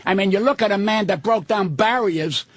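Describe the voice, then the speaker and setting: An older man, a veteran comedian guest on a radio talk show, ranting in a profane, combative, gruff way. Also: sits high, moderate pace, fairly bright tone, no echo.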